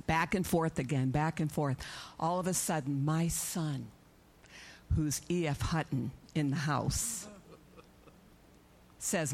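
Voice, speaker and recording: A middle-aged woman giving an animated testimony in a church service, acting out her own prayers and conversations. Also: low-pitched, slow, long pauses, a little hiss or hum.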